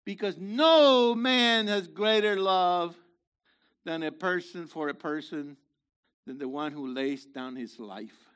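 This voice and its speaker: A man preaching a sermon in a theatrical way, acting out voices and swinging from shouts to hushed asides. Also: sits high, slow, clear, resonant tone.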